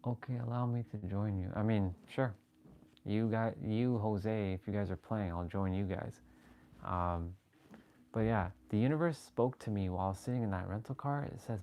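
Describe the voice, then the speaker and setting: A man hosting a casual livestream, talking excitably with rambling restarts and sudden jumps in voice as he relives moments, swearing freely. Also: fairly low pitch, moderate pace. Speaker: livestream host. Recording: faint background music.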